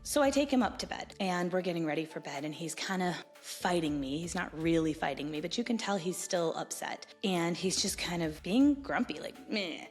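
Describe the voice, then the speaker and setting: Lowish woman's voice, chatty parenting coach telling a story, bit of music behind. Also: animated, moderate pace, hardly any pauses. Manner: storytelling, acts out family voices. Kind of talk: casual talk to camera.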